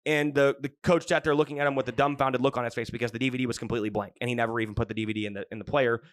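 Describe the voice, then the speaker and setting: A man hosting a casual sports podcast, telling stories in an animated, jokey way with plenty of swearing. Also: mid-range voice, racing, no room sound, studio quality. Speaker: podcast host.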